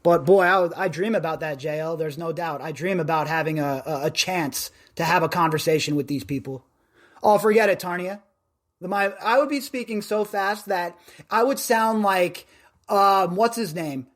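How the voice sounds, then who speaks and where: High-pitched guy from vegas rambling on his podcast live stream, loud and chatty. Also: normal speed. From Las Vegas, USA. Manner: rambling, self-described loudmouth. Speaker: podcast host. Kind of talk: casual live-stream chat.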